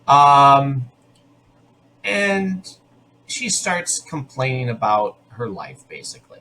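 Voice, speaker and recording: A man's voice: mid-range voice, slow pace, rough recording. A man hosting a podcast, casually recapping a TV episode with lots of asides. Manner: animated storytelling with asides. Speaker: podcast host.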